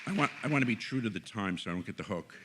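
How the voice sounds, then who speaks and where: A man giving an inspirational faith talk at a conference, earnest and animated, telling stories with jokes. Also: on the low side, racing, background noise. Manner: animated, joking, earnest storyteller. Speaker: conference speaker. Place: conference hall stage.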